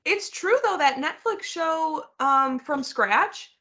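A woman's voice: high-pitched, expressive, takes it slowly, bright, forceful tone. A woman hosting a podcast in casual chat, joking about her family and laughing easily. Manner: chatty, laughs easily, agrees along. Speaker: podcast host. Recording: slightly dull, lo-fi sound.

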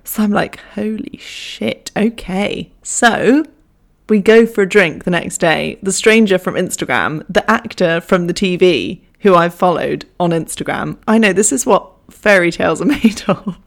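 A woman's voice: fairly low pitch, animated, moderate pace, vocal fry. A young woman telling a funny personal story in a chatty, self-mocking way, swearing freely. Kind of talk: casual anecdote.

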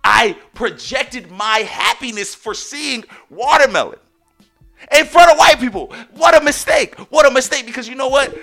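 A man hosting a podcast, telling stories in a casual monologue with loud, excited exclamations, and addressing listeners as "ladies and gentlemen". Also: very high voice, normal speed, vocal fry, soft background music. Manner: animated storyteller, bursts into loud excited exclamations. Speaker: podcast host.

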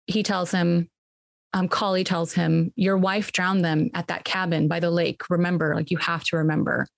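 A woman retells a film scene by scene in a relaxed podcast chat. She voices the characters' lines herself and her pitch jumps up on the dramatic moments. Her voice sits a little low for a woman and sounds dry and close to the mic. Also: moderate pace, gravelly, dry recording. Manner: animated storytelling, acting out quotes with jumps in pitch. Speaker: podcast co-host recapping a film. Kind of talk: casual retelling of a film plot.

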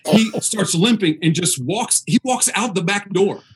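High-voiced man telling a lively story. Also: measured pace, husky, faint music behind. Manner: animated, acts out the voices of others; laughs while telling. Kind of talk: casual storytelling chat.

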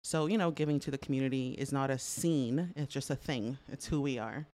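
Speaking fairly quickly in a very deep voice, this middle-aged woman from Canada is a guest on a podcast, chatting casually in an interview. Her stories come out animated, packed with fillers and frequent laughter.

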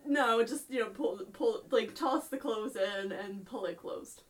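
A woman's voice: a little high, unhurried, far from the mic. A woman playing a tabletop role-playing game, dry and playful. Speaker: player.

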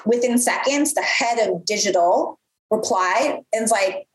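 A woman in her thirties telling a story from her career in a casual, animated way, full of fillers and acted-out quotes. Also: fairly high pitch, measured pace. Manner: animated, lots of "like", acts out quoted voices. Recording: roomy echo.

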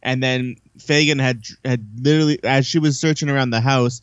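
A man co-hosting a podcast, retelling a movie plot in a lively way and acting out characters' lines. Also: medium pitch, fairly quick, clear, resonant tone, no room sound, dull audio. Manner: animated, acts out characters' lines. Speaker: podcast co-host. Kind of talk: casual movie recap chat.

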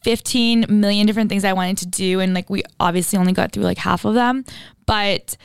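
A young woman in her twenties co-hosts a podcast in a medium-pitched, steady voice that is brisk, creaky, clear, and resonant, on a dry recording. She chats casually and tells stories with lots of energy, using "like" and "literally" constantly.

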